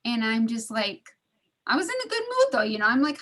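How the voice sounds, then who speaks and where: A woman's voice: a little high, very animated, fairly quick, a bit bright. A middle-aged woman chatting casually on a video call, laughing often and acting out the voices in a story. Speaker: study group participant. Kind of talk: casual storytelling in an online group.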